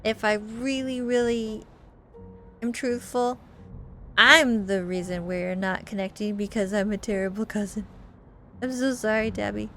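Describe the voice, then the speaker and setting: A woman's voice: mid-range voice, fairly even intonation, measured pace, a bit bright, faint music behind. A woman hosting a game playthrough, chatting apologetically and effusively. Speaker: let's play host. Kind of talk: gameplay commentary.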